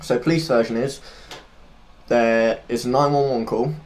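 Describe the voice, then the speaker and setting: A man's voice: medium pitch, steady tone, normal speed, a little mellow. Earnest rambling man. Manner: earnest, loose and rambling, searching for words. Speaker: podcast co-host. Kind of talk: unscripted conversational storytelling.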